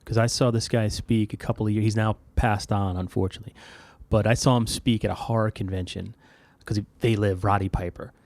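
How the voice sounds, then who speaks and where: A man's voice: fairly low pitch, fairly even intonation, brisk, darkish tone, no room sound. A man hosting a casual interview, asking follow-up questions with curiosity.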